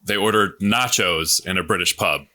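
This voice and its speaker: A man's voice: low voice, moderate pace, sharp tone. An American man hosting a podcast, telling a funny story in a wry, self-mocking way. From United States. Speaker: podcast host. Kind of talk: casual comedic chat.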